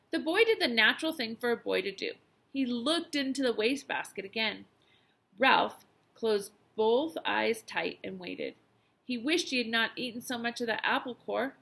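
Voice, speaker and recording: With a slightly high voice touched by vocal fry, a woman teacher reads a children's book aloud at an ordinary pace, lively and expressive in her emphasis.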